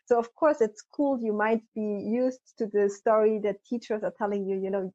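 A woman hosts a podcast interview and tells her stories in an animated way. Her voice sits in a mid range and comes through dull and dry, with no room sound. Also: medium pitch, moderate pace, dry recording. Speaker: host.

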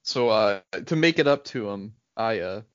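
A man's voice: fairly low pitch, lively intonation, moderate pace, no room sound. A young man co-hosting a podcast in casual chat, rambling and laughing easily. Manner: rambling, laughs often, restarts. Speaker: podcast co-host. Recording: dull lo-fi podcast audio, dry.

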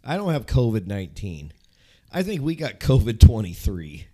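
Raspy-voiced man with a lisp and a cold. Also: fairly low pitch, moderate pace, a little hiss or hum. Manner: laughs often, animated and joking. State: has a cold. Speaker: podcast co-host. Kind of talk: casual chat.

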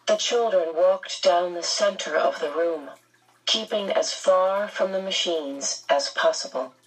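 A woman reads an audiobook slowly and steadily, in a measured storytelling voice. Her tone is breathy and soft-edged. She sits somewhat back from the mic. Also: fairly low pitch, recorded from a distance, low-quality recording. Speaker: narrator. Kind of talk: audiobook narration.

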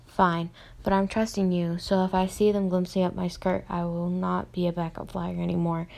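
A woman voicing a teenage cheerleader girl who complains and later pleads in fear, read in a low, flat voice with some creak. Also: moderate pace. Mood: whiny. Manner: reads plainly with little change of voice. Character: teen cheerleader girl, whiny then frightened.

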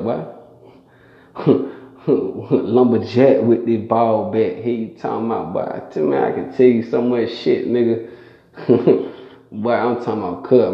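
A man's voice: fairly low pitch, gravelly. A young man telling rambling, profane street stories in a casual way. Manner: rambling, profane street storytelling with frequent laughs. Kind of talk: casual storytelling. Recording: echoey room, dull lo-fi sound.

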